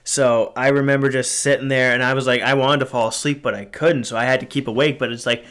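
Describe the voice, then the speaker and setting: A man's voice: mid-range voice, fairly even intonation, fast talker, fairly bright tone, clean tone. A man in his twenties hosting a podcast, telling a story in a casual, rambling way, with frequent swearing, fillers and restarts. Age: 20s. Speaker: podcast host.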